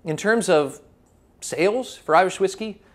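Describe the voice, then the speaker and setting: A man giving a lively classroom lecture as a spirits educator, telling history like a story with small restarts. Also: sits high, a little slow.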